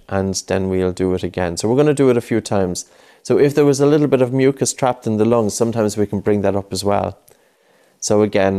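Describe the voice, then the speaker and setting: Low, mellow-voiced male breathing coach. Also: clean tone. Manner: patient, coaxing, repeats cues. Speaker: breathing instructor. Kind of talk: guided breathing lesson with a child.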